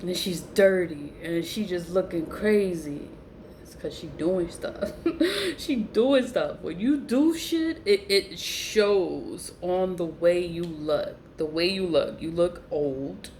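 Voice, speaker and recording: A woman telling a story in a casual, profane rant, laughing often and swinging her voice up high for emphasis. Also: slow pace, a little mellow, a little hiss or hum. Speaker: vlogger who sells spiritual goods online.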